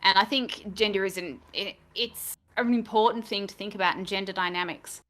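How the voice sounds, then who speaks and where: A woman who is a game master and co-host chats casually in a steady, mid-range, slightly bright voice, talking a little fast. She's self-deprecating and laughs easily.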